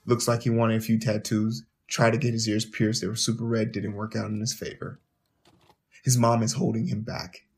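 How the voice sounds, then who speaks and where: A man hosting a podcast, telling a story in an animated, profane way, often stumbling and repeating words as he starts his sentences. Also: on the low side, normal speed. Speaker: podcast host. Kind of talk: storytelling monologue.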